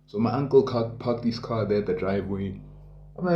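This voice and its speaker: A man's voice: fairly low pitch, fairly quick, warm tone, roomy sound, highs cut off, soft background music. A young South African man casually telling a personal story, full of township slang and voiced asides. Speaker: podcast host.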